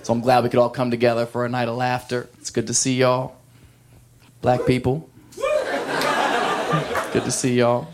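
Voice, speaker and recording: A man's voice: medium pitch, monotone, normal speed, pauses often. A man doing a brash, profane stand-up routine, teasing the crowd from a large theater stage. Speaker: stand-up comedian. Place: large theater stage before a live audience. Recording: loud crowd laughter and noise.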